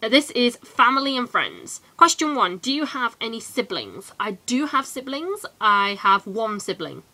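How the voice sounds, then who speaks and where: A young woman from Britain chats to camera in a relaxed vlog, with frequent ums and quick little giggles. Her voice sits a bit high and rings bright and sharp. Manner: chatty, giggly, lots of ums. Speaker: vlogger. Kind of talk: casual chat to camera.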